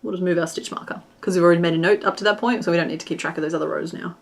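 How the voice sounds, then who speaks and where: A woman's voice: fairly low pitch, steady tone, racing, vocal fry. Chatty, giggly woman crochet streamer. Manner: chatty and giggly, answering chat and counting stitches aloud. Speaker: crochet livestream host. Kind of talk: casual livestream chat while crocheting.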